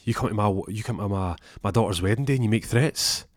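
A man's voice: on the low side, fast talker, no room sound, studio quality, lightly acted. A man voicing a flustered middle-aged shopkeeper, a bride's father, who stammers.

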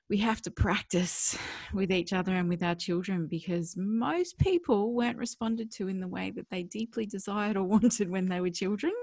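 A woman with a low, gravelly voice co-hosts a parenting podcast in relaxed conversation. She sounds eager and laughs easily as she talks. The recording is close and dry, with no room sound. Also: no room sound. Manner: enthusiastic, laughs often.

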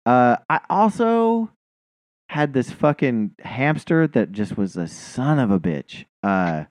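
Podcast co-host, male, swearing storyteller, very lively pitch. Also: slow pace, no room sound, clean studio sound. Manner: profane, rambling, self-mocking. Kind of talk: casual storytelling chat.

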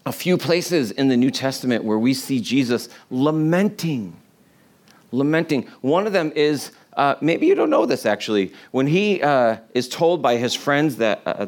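A middle-aged man delivers a sermon in a relaxed, conversational storytelling manner. His voice sits in an ordinary middle pitch. He acts out the quoted lines with lively voices and laughs softly now and then. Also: measured pace. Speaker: pastor.

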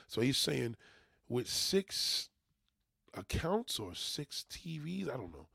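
A man's voice: mid-range voice, expressive, moderate pace, creaky, a bit bright, husky, no echo, studio quality. A man who runs a junk removal business, venting to his viewers in a profane, emphatic casual rant.

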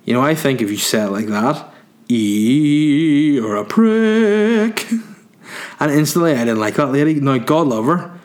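Crude, giggly comic. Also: male voice, mid-range voice, quick pace. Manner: crude, rambling, laughs at own jokes. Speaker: comedian answering listener questions.

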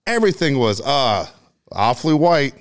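A man's voice: mid-range voice, big pitch swings, normal speed. Guy on sports radio arguing his point, mid voice with lots of swing. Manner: emphatic, argumentative, exclaiming. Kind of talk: sports talk commentary.

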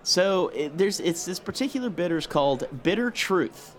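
A man chats casually on a podcast, swearing freely as he acts out his own reactions. His voice sits a bit high and his intonation swings widely. He sounds like a natural storyteller among friends. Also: expressive, moderate pace. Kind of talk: casual chat.

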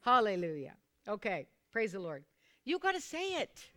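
A woman preaching a sermon to a small group, repeating phrases and calling for responses, sometimes bursting into loud, fervent exclamations. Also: medium pitch, huge pitch swings, normal speed. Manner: repetitive, calls for responses from listeners.

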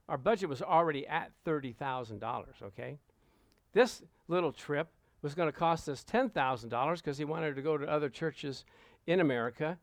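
Lively storytelling preacher, a man. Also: fairly high pitch, normal speed, gravelly, no room sound, studio quality. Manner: lively anecdotal, acts out quoted voices. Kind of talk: storytelling sermon to a congregation.

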